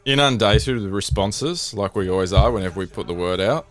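A man's voice: fairly low pitch, a little fast, soft background music. A man co-hosting a podcast, chatting casually and cracking dry jokes between hesitant fillers. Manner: dry wisecracking, lots of fillers. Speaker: podcast co-host. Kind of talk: casual chat.

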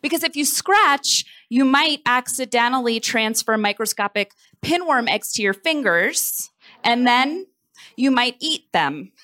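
Bright, animated woman telling a comic story. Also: a little high. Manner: animated, confessional and self-mocking, with quick rushes of words. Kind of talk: live comic storytelling performance. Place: festival stage.

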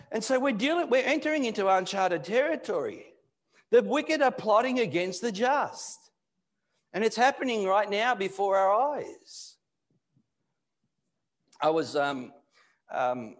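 A male pastor giving a live sermon in church, moving between loud emphatic bursts and low, quiet asides. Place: church hall.

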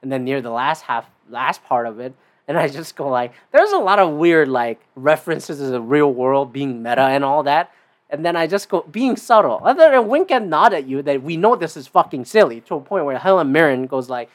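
A man's voice: on the high side, expressive, normal speed. Rambling, profane male podcast host. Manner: rambling and profane, with many fillers. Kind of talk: casual solo podcast monologue.

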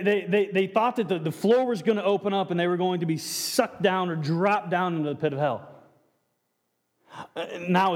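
Male pastor, high voice, preaching casually with restarts and questions to the pews; long hall reverb. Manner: frequent restarts, rhetorical questions to the congregation. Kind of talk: conversational sermon.

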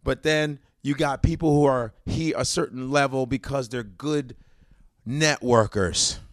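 A man's voice: mid-range voice, measured pace, dry recording, studio quality. A male comedian telling stories in casual chat, acting out other people's voices and laughing often. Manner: animated storytelling, acts out voices, laughs often. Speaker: comedian guest.

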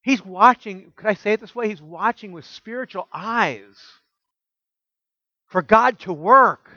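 A man preaching a sermon as pastor, emphatic and full of rhetorical questions, dropping soft and low when quoting scripture. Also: measured pace, dry recording, highs cut off.

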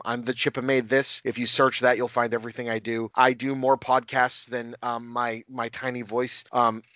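A man's voice: mid-range voice, a bit bright, no echo. A man guesting on a podcast, chatting casually and enthusiastically, with many fillers and restarts.

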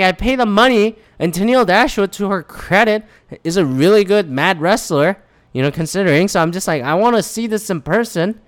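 A man's voice: high voice, brisk, clean tone, no echo. A man ranting casually about a live wrestling show, swearing often and acting out what people said. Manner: animated, swears a lot, acts out quotes. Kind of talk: casual profane rant.

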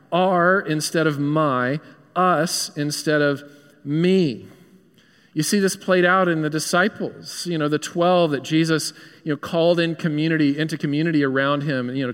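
A man's voice: a little high, smooth, in a large hall. A man with a Southern US accent, a pastor preaching an earnest, conversational sermon in a church. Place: church sanctuary.

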